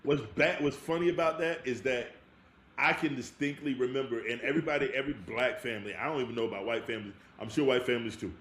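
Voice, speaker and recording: A man's voice: medium pitch, fast talker. Married man telling stories, echoey room. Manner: animated storyteller, laughs often. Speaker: podcast co-host. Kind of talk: casual chat. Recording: echoey room with faint hiss.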